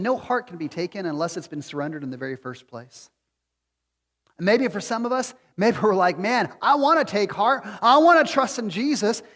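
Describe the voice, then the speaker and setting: A man preaching a sermon as pastor, moving between quiet reflection and loud, pleading appeals. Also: high voice, in a large hall. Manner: swings from hushed to near-shouting pleading. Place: church sanctuary.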